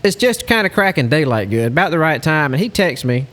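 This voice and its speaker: A man, a hunting lodge guide, telling a story in a casual, animated way. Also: fairly high pitch, a little fast. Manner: animated storyteller, Southern-style speech.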